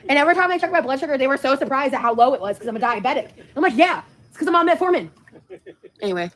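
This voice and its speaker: A woman's voice: high-pitched, rapid-fire. Woman vlogger, casual rambling storyteller, many ums. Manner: rambling, lots of fillers.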